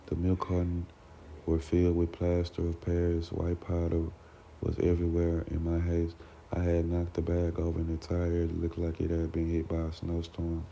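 A man reads a book aloud in a very low, flat, gravelly voice with a dark, mellow tone. His delivery is steady and a little halting, with small slips and restarts. The recording is dull and lo-fi, with a faint hiss behind him. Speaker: self-development teacher.

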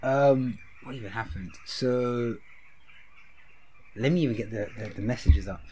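A man's voice: mid-range voice, unhurried, darkish tone, slight background noise, rough recording. A young man co-hosting a podcast, telling a rambling, self-mocking story in slang. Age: young adult. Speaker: podcast co-host. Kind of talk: casual podcast chat.

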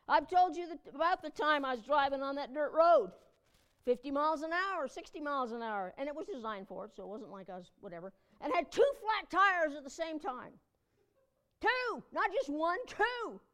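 A woman's voice: sits high, lively intonation, moderate pace, a bit bright. A woman pastor preaching a conversational sermon, telling chatty personal stories with frequent laughter and sudden emphatic cries.

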